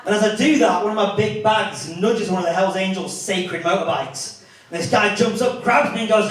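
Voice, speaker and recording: A young man from the north of England with a Northern English accent, performing an animated stand-up comedy set. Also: brisk. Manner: animated, jumps into high-pitched character voices for punchlines. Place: comedy club. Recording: echoey club from a distance, clear crowd laughter.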